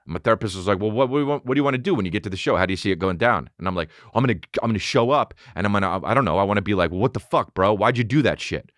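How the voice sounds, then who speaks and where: A man in his thirties hosting a podcast, telling a profane, animated story and acting out both sides of a conversation. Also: fairly low pitch, racing, few pauses, no room sound, clean studio sound. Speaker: podcast host. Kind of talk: casual comedic storytelling.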